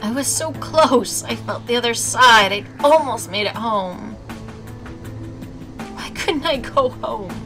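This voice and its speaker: A woman's voice: on the high side, animated, slow pace. A woman reading a visual novel aloud as a game streamer, with snarky asides between narration. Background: game music.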